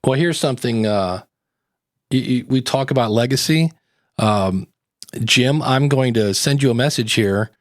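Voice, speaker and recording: Dude cohost telling a story, chatty and rambling, medium voice, dry mic. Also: male voice, mid-range voice, unhurried, dry recording. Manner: storytelling, chatty, self-interrupting. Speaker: podcast co-host. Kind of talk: casual podcast chat.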